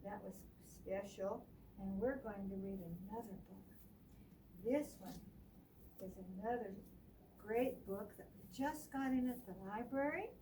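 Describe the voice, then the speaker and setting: A woman, a children's librarian, reads picture books aloud in a library with an animated, expressive storytelling manner. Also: mid-range voice, a little slow. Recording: distant mic with faint room hiss.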